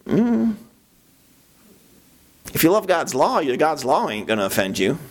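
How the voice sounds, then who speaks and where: Animated male pastor preaching conversationally. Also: a little fast. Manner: animated, acts out his own inner voice in sudden high bursts; conversational, with frequent restarts and "you know". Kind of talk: sermon.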